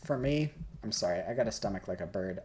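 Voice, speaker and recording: Young man, tipsy, lowish voice, rambling jokes, casual swearing, gaming host, keyboard clicks behind. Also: animated, quick pace, background noise. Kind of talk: casual Q&A while playing a game.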